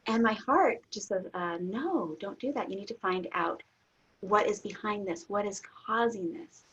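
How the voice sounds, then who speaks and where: A middle-aged woman, a guest in an interview, telling a personal story candidly, laughing often and getting suddenly loud. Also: medium pitch, expressive, moderate pace, breathy edge. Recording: dull lo-fi audio.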